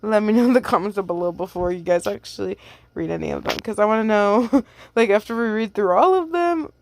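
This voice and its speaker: A woman's voice: mid-range voice, fairly quick, a little mellow, a little hiss or hum. A young woman who hosts a channel, reading a fan story aloud and then chatting casually, with fillers and light laughs.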